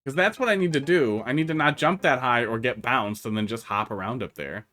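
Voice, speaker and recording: A man's voice: medium pitch, brisk, pushed and bright. A man with a Wisconsin accent, chatting casually as a streamer while he plays and answers chat. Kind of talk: casual live-stream commentary.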